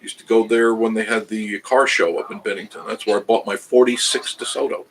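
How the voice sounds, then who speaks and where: An older man with a fairly low voice chats on his livestream, reading viewer comments aloud. He rambles, starts over, and laughs at himself as he talks. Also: steady tone, fairly quick, slight background noise, rough recording. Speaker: travel channel host reading live chat. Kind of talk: casual livestream chat.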